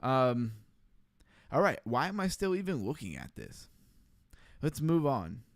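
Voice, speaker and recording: A man of middle pitch hosts a relaxed livestream. He laughs a lot and reads comments from his chat out loud. His voice sounds close and dry, with no room around it. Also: unhurried, dry recording. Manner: laughing often, reading chat aloud. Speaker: livestream host.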